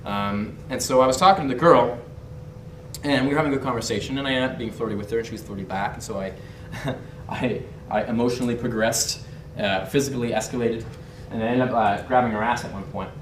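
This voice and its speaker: Quick-paced and fairly bright at medium pitch, this young man teaches body language by telling a candid, brash story, laughing and swearing throughout. He is a dating and body language instructor, heard from a distant mic in a roomy room with a little hiss or hum.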